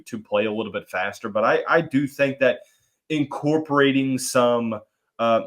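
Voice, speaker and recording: Joking man hosting a sports podcast. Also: medium pitch. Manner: animated, joking, rambling with restarts. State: has the hiccups. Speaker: podcast host. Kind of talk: casual sports podcast chat.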